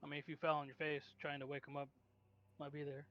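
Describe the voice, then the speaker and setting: A man's voice: a little high, completely flat delivery, fast. A man playing a tabletop game, making short, casual remarks. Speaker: player. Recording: muffled lo-fi mic.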